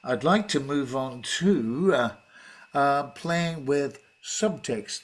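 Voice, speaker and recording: A man leading a teacher-training workshop, explaining in a measured way with frequent fillers and restarts. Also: mid-range voice. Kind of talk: online workshop talk.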